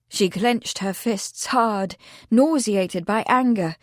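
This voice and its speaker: In studio-quality audio with no room sound, a woman reads a mystery audiobook aloud. Her mid-range voice keeps a steady, measured narrative rhythm.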